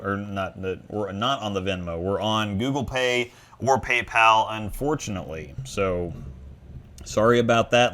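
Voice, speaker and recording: Male stream host, low voice, loose rambling delivery over a video call. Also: a bit bright. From Midwest US. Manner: rambling, restarts phrases, answers chat questions. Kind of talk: casual livestream chat.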